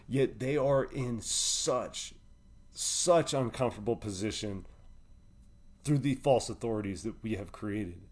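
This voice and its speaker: A man's voice: mid-range voice, darkish tone. A man hosting a live stream, talking in an impassioned, preachy way. He swears freely, keeps asking "right?", and sounds like he is speaking from the heart. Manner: preachy and emotional, swears often, repeats "right?". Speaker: host of a live online show.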